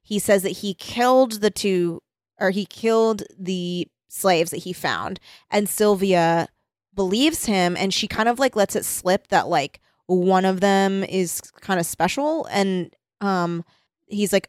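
Young female co-host, animated storyteller, dry close sound. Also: medium pitch, measured pace, no room sound. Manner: animated, giggly, acts out quotes. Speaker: podcast co-host. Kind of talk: casual chat recapping a book.

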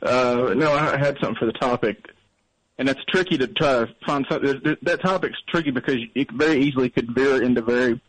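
A man's voice: medium pitch, fast, no echo, low-quality recording. Guy calling in, a bit under the weather, wry and rambly, dry sound. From North Alabama, USA. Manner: rambling, wry and self-deprecating, laughs at himself. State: sick, recovering. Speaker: caller. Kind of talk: casual call-in chat.

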